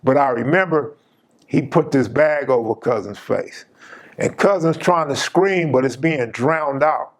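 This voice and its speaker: A man's voice: mid-range voice, unhurried. A man hosting his channel, casually telling a personal story in an emphatic, slang-heavy way.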